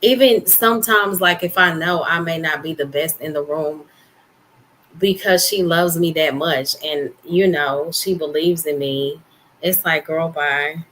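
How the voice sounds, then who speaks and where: A young woman with a fairly low voice chats casually on a podcast. She sounds earnest and expressive and keeps dropping "like" and "you know". A faint hiss sits under her voice. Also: a little slow, low-quality recording. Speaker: podcast co-host. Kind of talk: casual chat. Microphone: studio microphone, podcast setup.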